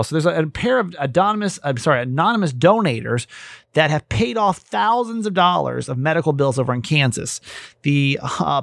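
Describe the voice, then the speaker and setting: A man's voice: on the high side, vocal fry, no echo, clean studio sound. A man hosting a casual podcast, chatty and repeating words for emphasis. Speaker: podcast host.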